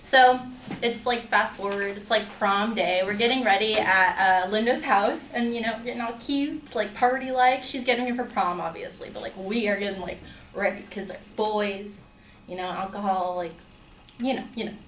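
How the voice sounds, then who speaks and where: A woman's voice: medium pitch, normal speed, fairly bright tone. A young woman telling a personal story to an audience in a chatty way, full of filler words. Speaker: student storyteller. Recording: roomy, distant mic, faint hum.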